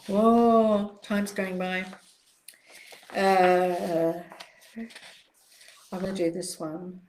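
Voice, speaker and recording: An older woman hosting a live question-and-answer stream, speaking in a gentle, reassuring way with soft pauses and repeated phrases. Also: lowish voice, little pitch movement, a little hiss or hum. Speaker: self-help author hosting a live Q&A.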